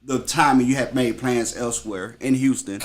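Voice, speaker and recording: A man's voice: mid-range voice, fairly even intonation, normal speed. A man hosting a casual live talk show, talking in a laid-back way and speaking straight to his audience. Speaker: host. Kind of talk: casual chat.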